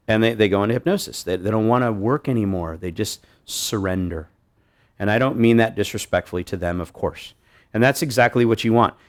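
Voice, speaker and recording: A man presenting a hypnosis demonstration to a live audience, joking with volunteers and restarting his sentences often. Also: medium pitch. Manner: joking, animated, many restarts. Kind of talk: live stage demonstration talk. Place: meeting room with audience.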